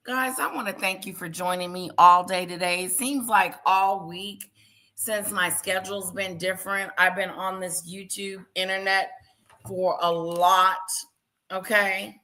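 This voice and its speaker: A woman hosting a casual live stream, talking loudly and chatting with her viewers by name. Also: mid-range voice, steady tone, a little slow, low-quality recording. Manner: loud, talks to chat viewers by name.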